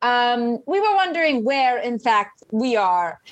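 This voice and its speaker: A woman's voice: fairly high pitch, big pitch swings, measured pace, no room sound. A woman playing a tabletop game, speaking in character with sarcastic, haughty banter. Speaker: player. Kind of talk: in-character tabletop role-play.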